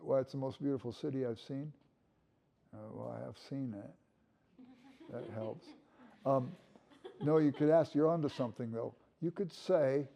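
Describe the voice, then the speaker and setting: Older man, lecturer, deep mellow tone, relaxed rambling classroom delivery. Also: unhurried, vocal fry, pauses often. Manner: musing, repeats words as he restarts.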